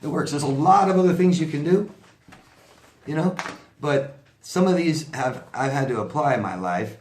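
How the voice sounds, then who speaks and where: A man's voice: fairly high pitch, lively intonation, normal speed, a little mellow, a little hiss or hum. Blunt, conversational man coaching in a roomy space. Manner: blunt, conversational, repeats points with asides. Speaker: life coach. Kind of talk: casual advice monologue.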